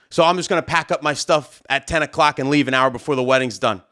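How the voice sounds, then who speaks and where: A young man, a wedding DJ, telling a heated story in a casual vlog, loud and animated as he acts out both sides of an argument. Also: fairly high pitch, fast talker, few pauses.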